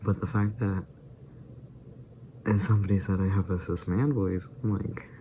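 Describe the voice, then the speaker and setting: A man's voice: low voice, steady tone, normal speed, mellow, a little hiss or hum. A man vlogging in casual, rambling chat, laughing often and slipping into whispered asides. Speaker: vlogger doing a daily challenge.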